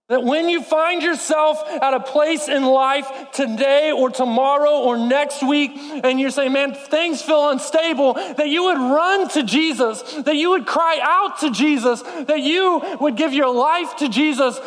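A man preaching a sermon to a live congregation, impassioned and swinging between urgent and soft. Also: very high-pitched. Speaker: pastor. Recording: long hall reverb.

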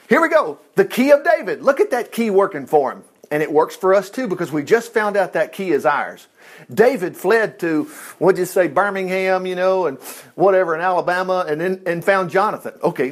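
Animated, high-voiced folksy preacher man. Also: moderate pace. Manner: animated, folksy, chuckling asides. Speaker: pastor. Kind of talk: informal sermon.

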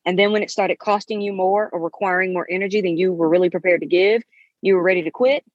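A woman's voice: fairly low pitch, fairly even intonation, fast, dry recording, highs cut off. A woman in her thirties hosting a podcast, giving an emphatic, preachy motivational talk with endearments. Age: 30s. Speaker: podcast host.

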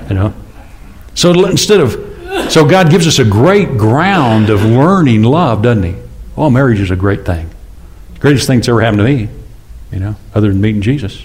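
A man in his sixties preaching a conversational sermon, often asking the congregation questions and acting out quoted speakers in louder, higher bursts. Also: animated, normal speed, slight background noise. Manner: chatty, asks the congregation questions, acts out God and James. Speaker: pastor.

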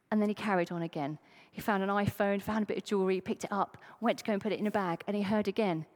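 Lively woman preaching in a hall. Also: mid-range voice. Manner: conversational, tells jokes. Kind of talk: sermon.

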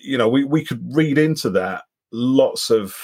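A man with a slightly husky, breathy voice talks through a film on a podcast. He muses reflectively and rambles, often restarting his sentences in a relaxed, casual way. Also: medium pitch, measured pace. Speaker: podcast co-host. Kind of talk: casual film-discussion chat.

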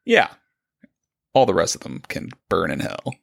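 Man, very low voice, gravelly, casual podcast banter, dry sound. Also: huge pitch swings, a little slow, fairly bright tone, no echo. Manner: jokey, laughs easily, leads the segments. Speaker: podcast co-host.

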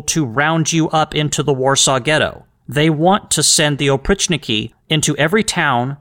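A man's voice: on the high side, normal speed, hardly any pauses, pushed and bright. A man hosting a history podcast, talking in a rambling, emphatic monologue full of restarts and asides. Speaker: podcast host.

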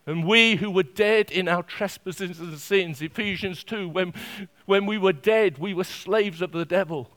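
A man preaching a sermon, emphatic and repetitive, swinging from quiet to loud. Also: fairly high pitch.

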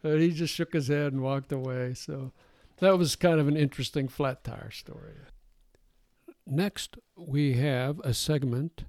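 An older man co-hosting a podcast, telling a casual story with animated asides and frequent laughter. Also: medium pitch, no room sound, clean studio sound. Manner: animated anecdote-teller, laughs often. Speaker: podcast co-host.

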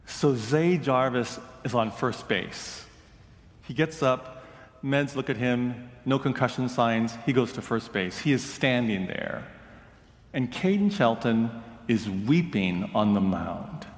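A man preaching a sermon, retelling a story in an earnest, measured way. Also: mid-range voice, animated, roomy sound, big-room sound. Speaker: pastor.

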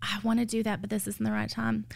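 Her voice medium-pitched, monotone and full of vocal fry, a woman talks at a quick pace. She is a weary foster mother offering an earnest testimony of faith that swells into emphatic high points.

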